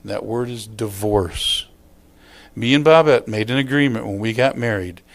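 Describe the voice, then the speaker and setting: A man's voice: fairly low pitch, normal speed, creaky. A middle-aged male pastor giving a sermon in a folksy, conversational way, often acting out quotes.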